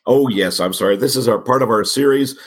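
A man with a cold and a raspy, gravelly voice, co-hosting a casual podcast with wry, self-mocking asides. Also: mid-range voice, brisk. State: has a cold. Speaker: podcast co-host.

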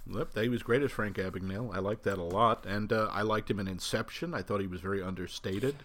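A man's voice: lowish voice, fast talker, a bit bright. Man with dry quips on movies. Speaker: podcast co-host. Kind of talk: casual movie discussion.

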